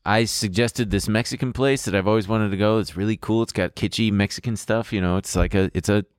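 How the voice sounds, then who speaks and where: A man with a low voice chats on a podcast and drops wry, deadpan quips. He mimics other people's voices when he tells a story. The recording is dry and close to the mic. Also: brisk, clear, resonant tone, no room sound. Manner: wry quips, acts out a date's voice. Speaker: podcast co-host. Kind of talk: casual chat.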